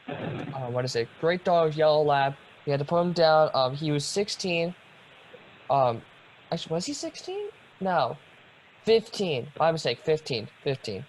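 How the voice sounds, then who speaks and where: A young man co-hosting a podcast rambles casually through a long story, full of ums and restarts. His voice is slightly high with a darkish tone, and the low-quality recording carries a faint hiss or hum.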